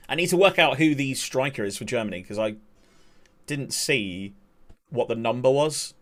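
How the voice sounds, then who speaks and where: A man streams a live watch-along at a moderate pace, working as an amateur match commentator. His play-by-play is excitable, his pitch surging whenever there's an attack, and he breaks off for chatty asides while reading chat.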